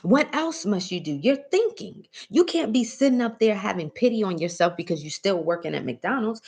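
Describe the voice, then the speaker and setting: A woman's voice: medium pitch, slightly rough. A woman coaching a mindset lesson on a live stream, often checking in with "right?" and "okay?" and calling listeners "baby.". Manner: coaxing, calls listeners "baby". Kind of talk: motivational teaching talk.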